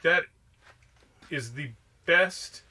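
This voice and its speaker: A man's voice: a little high, very slow, pushed and bright, breathy edge. A man co-hosting a podcast, mostly agreeing and chiming in with short replies. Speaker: podcast co-host. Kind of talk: casual podcast chat.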